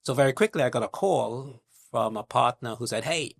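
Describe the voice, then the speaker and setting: A middle-aged man from Trinidad, a guest investor speaking in a measured, reflective interview manner, building his points with analogies and lists. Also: mid-range voice, gravelly, no room sound, studio quality.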